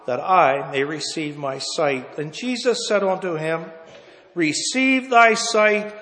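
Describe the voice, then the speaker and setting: A man with a high voice preaches a sermon and reads old-fashioned scripture aloud. He swings from hushed, low lines up to loud, impassioned cries. His voice rings with the long reverb of a large hall.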